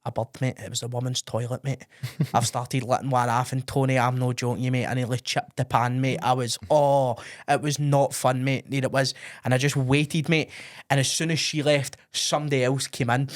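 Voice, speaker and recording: A man's voice: medium pitch, level tone, brisk, hardly any pauses. A young Scottish man co-hosting a podcast, telling embarrassing stories in a sweary, laughing way and saying "mate" a lot. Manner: sweary, laughing storyteller who says "mate" often. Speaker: podcast co-host. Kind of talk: casual storytelling chat.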